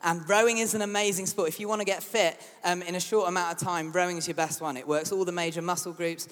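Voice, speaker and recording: A man's voice: high-pitched, fairly even intonation, fast talker, a bit bright. A British man preaching a sermon, telling a humorous, self-mocking story. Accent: British English. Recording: long hall reverb.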